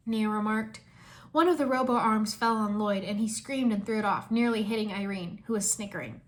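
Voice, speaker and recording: A woman reading a fan fiction story aloud in a lively storytelling manner. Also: medium pitch, moderate pace.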